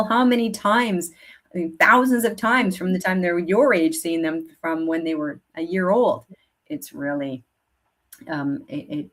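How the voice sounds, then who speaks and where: A middle-aged woman, a speech therapist guest, explaining in a calm way and acting out parents and toddlers. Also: low voice. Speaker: speech language pathologist guest. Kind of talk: casual interview chat.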